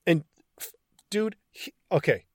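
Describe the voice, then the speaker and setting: A man recaps a film scene by scene, swearing freely and getting excited about the acting. His voice sits a little high for a man, and the recording is dry and close. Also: a little slow, breathy edge, no room sound, soft background music. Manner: excited, profane retelling of scenes. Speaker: podcast host. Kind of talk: casual film recap chat.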